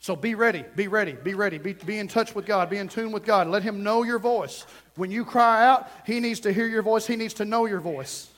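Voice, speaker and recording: A man preaching a fervent sermon as pastor, dropping to a hush and then rising to shouts. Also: sits high, normal speed. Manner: fervent, swings from hushed to shouting.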